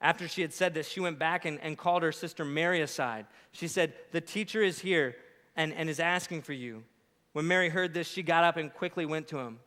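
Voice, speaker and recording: Pastor, male, high voice; animated storyteller who acts out scenes; church sanctuary reverb. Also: a little fast. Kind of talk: sermon.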